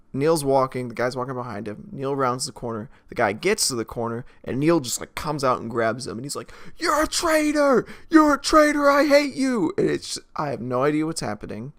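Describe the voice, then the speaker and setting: A man's voice: mid-range voice, normal speed. Rambling casual man reviewing a film. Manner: rambling, many filler likes, laughs as he talks. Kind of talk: casual spoken movie review.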